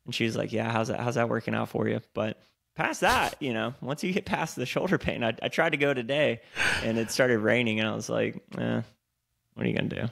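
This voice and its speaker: A man, co-hosting a podcast in casual chat and telling animated, swear-laced stories. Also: medium pitch, brisk, vocal fry. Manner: animated storyteller, swears freely. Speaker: podcast co-host.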